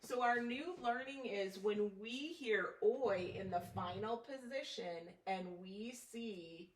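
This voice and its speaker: A woman reading teacher giving a one-on-one phonics lesson, prompting clearly and patiently. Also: medium pitch. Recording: roomy, distant mic with faint noise.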